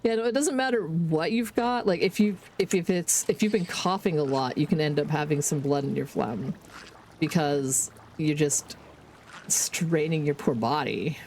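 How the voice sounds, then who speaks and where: A woman's voice: low-pitched, moderate pace, darkish tone, a little hiss or hum. A Canadian woman streaming a game, chatting candidly and swearing freely, with rambling restarts. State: under the weather. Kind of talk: casual gaming stream chat.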